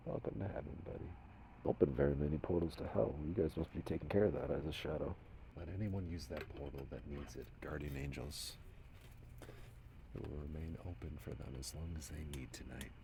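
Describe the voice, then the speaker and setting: A man from Minnesota talking casually to unseen spirits as a medium, rambling and shifting between loud commands and soft whispers. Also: very deep voice, a little fast, vocal fry, background noise. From Minnesota, USA.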